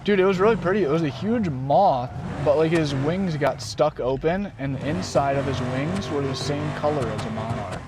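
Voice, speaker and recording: Excitable man streaming from a van. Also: a little high, normal speed, hardly any pauses, background noise. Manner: excitable, swears freely, talks to chat and his dog. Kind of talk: casual live-stream chat. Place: inside a van at night. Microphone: desk mic.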